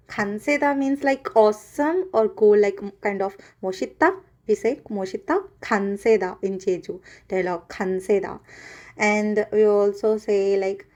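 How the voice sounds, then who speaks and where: A woman hosting a casual language video, chatty and full of pauses and fillers, breaking into quick Korean example phrases. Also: mid-range voice, darkish tone. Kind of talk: casual explainer.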